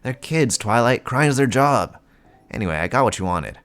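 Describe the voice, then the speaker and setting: A man's voice: medium pitch, lively intonation, normal speed, fairly bright tone, faint music behind, voice pushed up, lightly acted. Man voicing a chatty wry informant. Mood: brisk. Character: wry male informant friend. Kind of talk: comic reading with voices.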